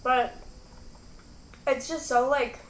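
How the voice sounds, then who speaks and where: A young woman with a fairly high voice rambles casually through a mukbang, chatting between bites. She is recorded in an echoey room at home. Faint crickets sound in the background. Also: steady tone, takes it slowly, a little hiss or hum. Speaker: mukbang host. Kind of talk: casual chat while eating.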